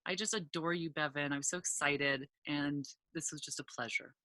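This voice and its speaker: A woman telling a funny story in a casual chat, animated and loud when she acts out quotes, swearing freely. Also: deep voice, moderate pace, no room sound. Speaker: podcast guest, cannabis entrepreneur.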